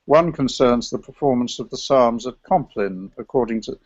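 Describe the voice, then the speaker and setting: Man, gravelly voice, scholarly lecture, digressive, dry lo-fi recording. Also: mid-range voice, normal speed, no room sound. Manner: scholarly, digressive, sings chant examples. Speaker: lecturer on medieval chant. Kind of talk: academic paper presentation.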